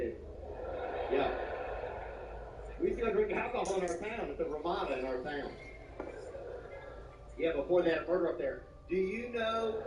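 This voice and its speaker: A man doing rambling, deadpan stand-up comedy, filling his lines with "you know.". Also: a little high. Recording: echoey, distant, dull, noisy live room.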